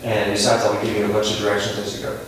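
A man's voice: on the low side, natural voice. A man playing a pushy, overexcited casting director. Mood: brisk. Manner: rapid-fire directions, swinging up loudly when excited. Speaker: casting session runner. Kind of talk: scripted comedy sketch. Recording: echoey room, far from the mic, noisy.

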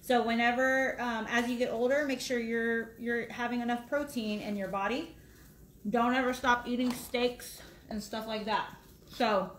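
A woman's voice: a little high, steady tone, unhurried. A middle-aged woman chatting casually while she cooks in her home kitchen, rambling between steps. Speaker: cooking vlogger. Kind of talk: casual live cooking chat. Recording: echoey room with faint noise.

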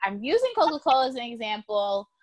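A woman lawyer talking casually as a guest in an interview, telling lively stories and acting out quotes with a laugh. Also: a little high, quick pace, no room sound. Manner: lively storyteller, acts out quotes, laughs often.

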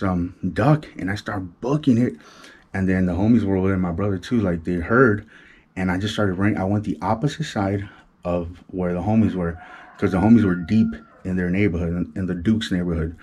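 A man's voice: low voice, steady tone, normal speed, a little mellow, husky. A middle-aged man from Los Angeles with a Chicano LA accent, telling a street story in casual slang and keeping his voice down. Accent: Chicano Los Angeles English. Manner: street slang, imitates gunshots with his mouth; keeps voice down so as not to wake his wife. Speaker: vlogger.

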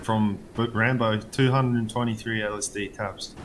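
Laid-back lower-voiced man. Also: steady tone, moderate pace, background noise. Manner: casual, laid-back, short replies. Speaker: roleplay gang member. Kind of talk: in-character roleplay chat.

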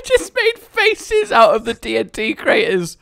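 A man hosting a gaming video with casual, jokey commentary, often excited and laughing. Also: very high-pitched, unhurried, creaky, no echo, studio quality. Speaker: gaming channel host.

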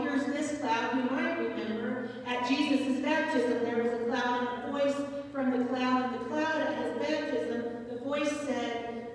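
A woman in her forties preaches in a church, her voice fairly high. She tells stories casually and keeps asking the listeners questions. The sound is echoey and comes from some distance across a large hall. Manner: conversational storytelling, asks the congregation questions. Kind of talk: sermon. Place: church sanctuary.

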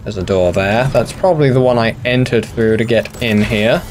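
A man's voice: medium pitch, normal speed. A young man hosting a gaming channel, chatting casually and mocking himself as he plays. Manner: self-deprecating, sweary, chatty. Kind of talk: casual let's play commentary.

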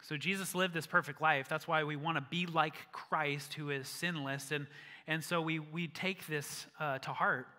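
Brief: male pastor, earnest sermon, fairly high and very bright voice, long hall reverb. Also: steady tone, normal speed. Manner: earnest, rising to emphatic peaks. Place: church sanctuary.

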